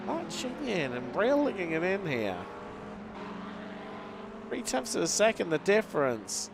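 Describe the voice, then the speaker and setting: A man calling a sim race as a live commentator. He has a lingering cold, talks in a lively play-by-play with fillers and mid-sentence restarts. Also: fairly high pitch. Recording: voice over loud race car noise. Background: racing car engine sounds.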